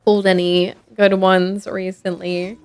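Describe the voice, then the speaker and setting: This woman's voice is medium in pitch, with little movement, an unhurried pace, and a clean, darkish tone. She chats sleepily while streaming a game, rambling through fillers and restarts. Faint game music sits in the background.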